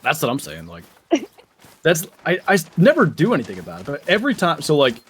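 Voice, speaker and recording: A man's voice: on the high side, wildly swooping pitch, a little fast, creaky, slightly rough. A young man chatting casually while livestreaming a game, rambling along with plenty of filler words. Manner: rambling, laid-back, lots of "like" fillers. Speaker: gaming streamer.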